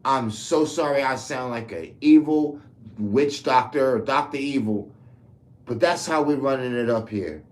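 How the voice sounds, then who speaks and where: Guy going off on a rant, swearing a lot, mid pitched voice. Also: unhurried. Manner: heated, profane, rambling. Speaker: commentator. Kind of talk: political rant to camera.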